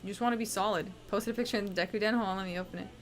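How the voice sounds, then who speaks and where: A woman's voice: medium pitch, fairly even intonation, very fast. A woman hosting a livestream, chatting casually and rambling with swearing and lots of restarts. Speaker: livestream host.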